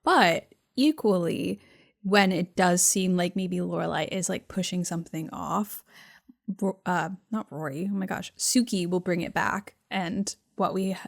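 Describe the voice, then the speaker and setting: A woman's voice: lowish voice, measured pace, vocal fry. A woman co-hosting a podcast in casual chat, working through her thoughts with many fillers and self-corrections. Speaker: podcast co-host.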